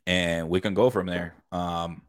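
A man's voice: deep voice, fairly even intonation, unhurried, dry recording, studio quality. A man co-hosting a podcast over a video call, talking casually with lots of fillers and frequent swearing. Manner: loose, swears a lot, filler-heavy. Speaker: podcast co-host.

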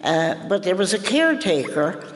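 An older woman from Newfoundland with a Newfoundland accent, telling a family folk tale to a live audience in a homely, unhurried way. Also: lowish voice, very animated, slight background noise. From Newfoundland, Canada. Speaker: storyteller. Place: university conference hall. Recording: archival recording in a reverberant hall.

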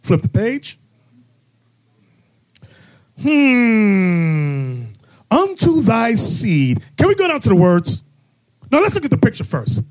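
A man with a high, husky voice leads a podcast as its bishop. He teaches with wide, lively swings of pitch and breaks into loud exclamations. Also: fairly quick. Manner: excitable, jumps into loud exclamations. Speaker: bishop leading a religious podcast. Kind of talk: animated teaching chat.

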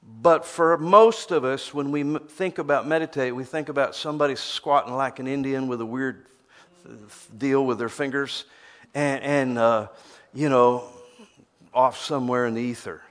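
A man's voice: mid-range voice, steady tone, normal speed. Male preacher, emphatic sermon delivery, mid-range voice. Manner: emphatic, repeats words when starting phrases.

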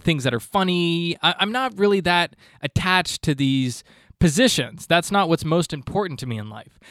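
A man hosting a comedy podcast, delivering a rambling monologue in a deadpan, mock-earnest tone with frequent restarts. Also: on the high side, no echo, studio quality. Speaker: podcast host.

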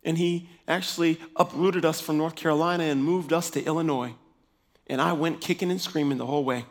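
A man telling his faith testimony in a lively, animated way, acting out dialogue and laughing as he goes. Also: a little high.

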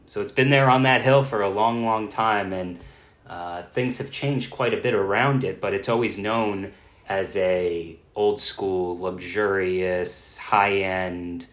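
A man's voice: sits low, a bit bright. A man co-hosting a travel podcast in casual chat, self-deprecating and laughing often. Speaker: podcast co-host. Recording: roomy echo.

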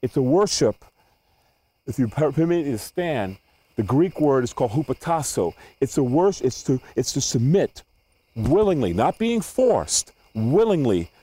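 A man preaching in a hall to a live audience, with a mellow, dark-toned voice. He stops often to put questions to the room and repeats words as he gathers his thoughts. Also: mid-range voice, animated, normal speed, husky.

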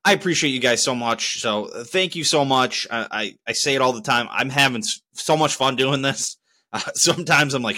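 A man's voice: mid-range voice, a little fast, sharp tone. A young man hosting his own solo podcast, talking casually in a rambling, profane, heated way. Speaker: podcast host.

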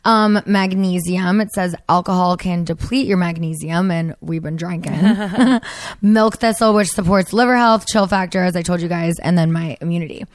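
A woman in her thirties hosting a podcast, telling stories in a casual, animated way full of fillers. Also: fairly low pitch, moderate pace, dry recording. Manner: animated storytelling, lots of fillers. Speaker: podcast host. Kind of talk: casual chat with ad read.

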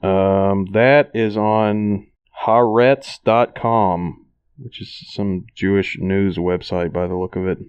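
A man co-hosting a casual podcast, talking haltingly with many fillers. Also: sits low, fairly even intonation, darkish tone, clear, resonant tone, lo-fi sound. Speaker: podcast co-host.

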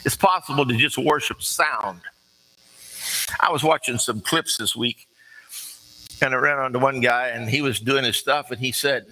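A man's voice: medium pitch, moderate pace, long pauses, sharp tone, rough recording. A man preaching an earnest, conversational sermon with folksy asides.

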